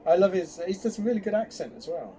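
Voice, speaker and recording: Chatty man, mellow voice. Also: high voice, fast, a little hiss or hum. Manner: chatty, hesitant restarts, animated bursts. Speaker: podcast co-host. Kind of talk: casual fan chat.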